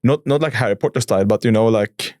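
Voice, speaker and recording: A man's voice: on the low side, quick pace, darkish tone, dry recording, studio quality. A man co-hosting a podcast in casual chat, stammering with many restarts. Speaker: podcast co-host.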